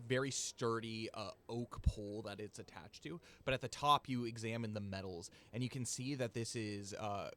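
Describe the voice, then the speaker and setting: A man with a fairly low voice runs a tabletop game as game master. He describes places and characters in loose, rambling narration full of fillers and restarts. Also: fairly bright tone.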